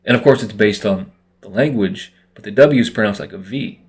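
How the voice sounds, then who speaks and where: A man's voice: on the low side, a little fast. A man vlogging casually to his viewers, rambling along with lots of fillers. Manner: relaxed, rambling with many fillers. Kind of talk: casual monologue to camera.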